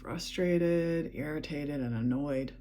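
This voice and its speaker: A woman leading a guided EFT tapping session, speaking calm, repetitive affirmations. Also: low voice, slow, slight background noise.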